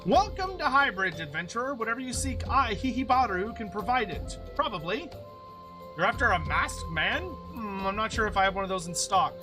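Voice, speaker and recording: A man voicing a small, struggling male merchant who talks in chatty salesman patter and is quick to grumble, reading game dialogue aloud. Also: high voice, sing-song, over music, rough recording. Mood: salesy.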